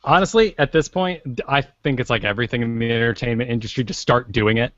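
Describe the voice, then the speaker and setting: A young man, a voice actor, giving relaxed advice in a casual podcast chat. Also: mid-range voice, fast talker, dry recording, highs cut off. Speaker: voice actor guest.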